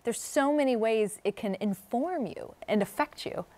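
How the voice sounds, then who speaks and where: A woman's voice: fairly high pitch, expressive, normal speed, darkish tone. A middle-aged woman hosting an interview, asking a guest curious questions. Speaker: host.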